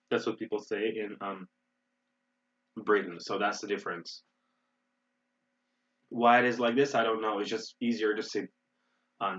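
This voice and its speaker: An American man teaching English in an online webinar, explaining in a relaxed way with many fillers and restarts. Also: lowish voice, normal speed, pauses often, husky, muffled recording. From United States.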